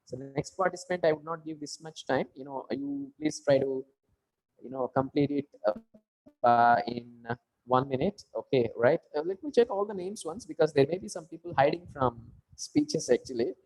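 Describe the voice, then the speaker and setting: A man's voice: on the high side, normal speed, darkish tone, low-quality recording. Man, Indian English accent, speaking coach, video call, explanatory, repeats fillers. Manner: explanatory, repeats "you know" and "okay, right". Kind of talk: online class feedback.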